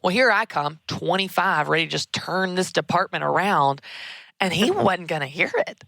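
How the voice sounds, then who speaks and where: A woman, hosting a show and giving emphatic, animated career advice. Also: fairly low pitch, normal speed, vocal fry, dry recording. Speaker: podcast host. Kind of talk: conversational advice.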